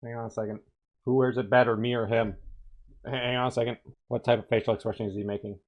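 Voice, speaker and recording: A man casually commenting on a video game as he plays, joking and animated, often laughing. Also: mid-range voice, fast, lo-fi sound. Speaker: gaming channel host. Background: faint game music.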